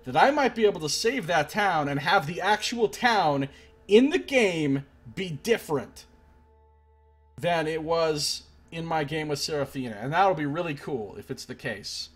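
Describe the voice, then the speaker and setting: Chatty male Let's Play streamer, slightly high, husky voice, reads game text aloud between asides to chat. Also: animated, unhurried, soft background music. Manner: chatty and self-deprecating, greets chat viewers. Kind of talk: casual game commentary, reading game text aloud.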